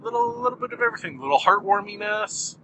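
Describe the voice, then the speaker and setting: A man hosting a solo podcast, talking in a wry, deadpan, self-mocking way with jumpy, animated delivery. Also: high-pitched, fast, slight background noise, low-quality recording. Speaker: podcast host.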